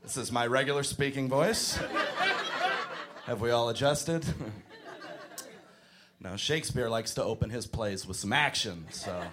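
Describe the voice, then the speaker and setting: A male stand-up comedian talking in soft, self-mocking asides with chuckles. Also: mid-range voice, unhurried, long pauses, a crowd in the background. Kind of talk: stand-up set.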